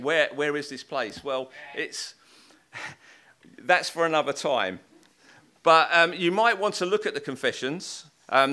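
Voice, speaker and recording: A man leads a Bible teaching talk in a bright, slightly raised voice. He speaks thoughtfully and hesitantly, with plenty of restarts as he works through each idea. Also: fairly high pitch. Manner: reads scripture aloud with rising emphasis. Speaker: preacher.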